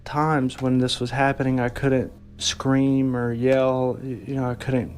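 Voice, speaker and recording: A man telling a frightening personal experience in a halting way, often restarting his sentences. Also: mid-range voice, level tone, a little mellow, slight background noise. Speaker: eyewitness telling his story. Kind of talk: personal storytelling.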